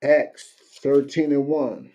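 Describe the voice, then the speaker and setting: Man, mid-pitched, casual Bible class teacher, warm and dark tone. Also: steady tone. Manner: conversational, keeps asking "you know what I'm saying"; reads verses slowly and deliberately.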